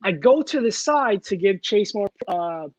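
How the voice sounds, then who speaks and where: A man's voice: high-pitched, lively intonation, a little slow, no echo, low-quality recording. A man co-hosting a casual podcast chat, telling a story animatedly and acting out the dialogue. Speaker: podcast co-host.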